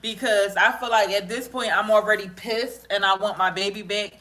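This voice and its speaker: A woman telling an exaggerated, comedic story in casual chat, animated and often laughing as she talks. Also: mid-range voice, normal speed, a little hiss or hum.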